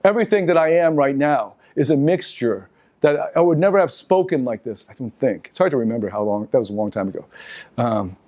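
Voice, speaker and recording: Animated man lecturing a seminar. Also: mid-range voice. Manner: animated, halting, many restarts and asides to the audience. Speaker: seminar speaker.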